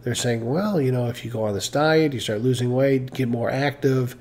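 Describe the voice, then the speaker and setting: A man's voice: mid-range voice, normal speed, darkish tone. A tired man chatting casually on a live stream, rambling with lots of fillers and restarts, joking about himself. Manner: self-mocking, laughs at own stories.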